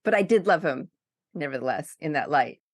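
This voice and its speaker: Woman podcast host with a low voice, eager and conversational, on a dry close mic. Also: expressive, a little fast, no echo. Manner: conversational, eager, thinking aloud. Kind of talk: podcast interview.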